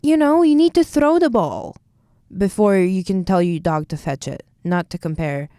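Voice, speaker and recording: A young woman in her twenties from Bulgaria, speaking English in a casual podcast chat, animated and opinionated. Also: on the low side, clean tone, no room sound, clean studio sound. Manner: animated, opinionated, quick asides. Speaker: podcast co-host, university student.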